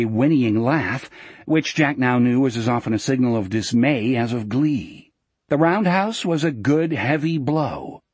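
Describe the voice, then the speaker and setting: A man reads an audiobook in a steady, measured way. His voice is husky and mid-pitched. It is recorded close in a dry space. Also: no room sound. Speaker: narrator. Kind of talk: audiobook narration.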